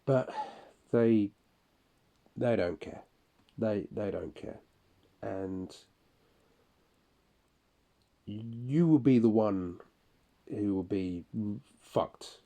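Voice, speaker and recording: A man records a personal audio diary, speaking slowly in a low voice. His tone is dark and mellow. He talks in halting, broken phrases and often restarts them. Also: creaky. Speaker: audio diarist. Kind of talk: personal monologue recalling incidents.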